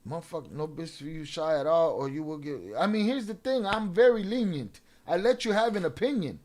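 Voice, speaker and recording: Cursing at his chat and sprinkling in Spanish slang, a young livestream host rants with a confrontational edge. He talks fairly quickly with a slightly high, darkish voice and lively intonation.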